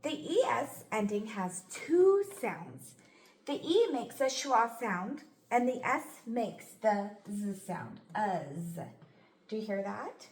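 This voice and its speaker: A woman teaching a phonics lesson, slowly sounding out words and praising often. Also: fairly high pitch, expressive, a little mellow, a little hiss or hum. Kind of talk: slow, clear classroom instruction. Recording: echoey room.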